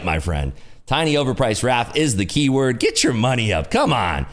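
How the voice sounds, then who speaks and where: A man's voice: medium pitch, wildly swooping pitch, brisk. A man hosting a casual livestream from his garage, joking, laughing often and repeating catchphrases. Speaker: livestream host. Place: home garage.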